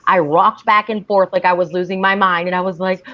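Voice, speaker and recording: A woman chatting casually on a panel, animated and laughing as she talks. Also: fairly low pitch, a little fast. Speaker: panel guest. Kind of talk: casual chat. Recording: dull lo-fi audio.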